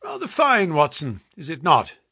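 A man voicing a shrewd, composed detective who speaks in a measured, refined way. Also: on the high side, wildly swooping pitch, bright, forceful tone, husky, no room sound, clean studio sound, voice pushed up, exaggerated voice.

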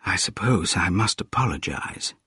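Male narrator voicing an exhausted inventor host: deep, slow, quiet and husky. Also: expressive, no echo, clean studio sound, full character voice. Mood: tired, hushed. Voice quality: quiet, worn-out and hushed. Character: weary gentleman inventor back from a journey.

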